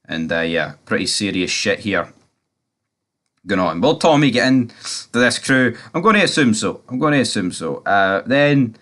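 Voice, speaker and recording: A man's voice: lowish voice, big pitch swings, normal speed, fairly bright tone. A man giving a casual, rambling recap of a TV episode, full of fillers and swearing. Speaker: TV series reviewer.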